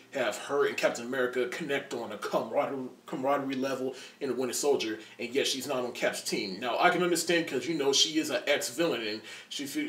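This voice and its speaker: A man in his twenties giving a casual spoiler movie review, excited and rambling, with lots of restarts and laughter. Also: mid-range voice. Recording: roomy echo, distant from the mic.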